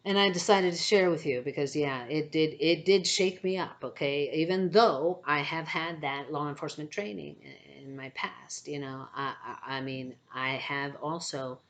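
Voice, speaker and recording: A woman's voice: low-pitched, moderate pace, few pauses. A woman vlogger telling a personal story in a casual, chatty way, laughing often between earnest asides. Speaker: spiritual vlogger.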